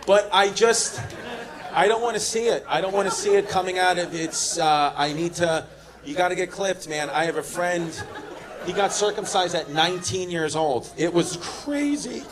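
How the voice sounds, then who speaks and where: A man's voice: high voice, moderate pace. A man doing brash, profane stand-up and teasing people in the crowd at a comedy club. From Queens, New York. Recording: live club with loud crowd laughter.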